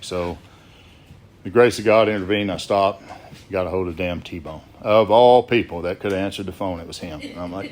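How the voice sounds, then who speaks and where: A deep-voiced man tells his recovery story to a gathered group. He speaks plainly and slips into quoted exchanges with others. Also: fairly quick. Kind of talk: storytelling talk at a sobriety gathering. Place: gathering at a biker rally.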